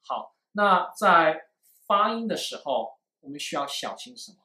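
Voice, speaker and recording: A man with a fairly high voice teaches a live-stream lesson, repeating each point and putting questions to his viewers. The room around him rings with noticeable echo. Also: sing-song, a little slow, bright, forceful tone. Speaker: English speaking teacher.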